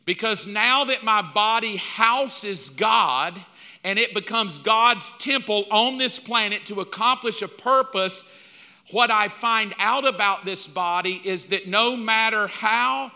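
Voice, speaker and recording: A man in his fifties preaching a sermon, telling stories with animated, mock-outraged outbursts. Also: high-pitched, unhurried, long reverb tail. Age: 50s. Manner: animated storytelling, jumps up loud in mock outrage. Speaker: pastor.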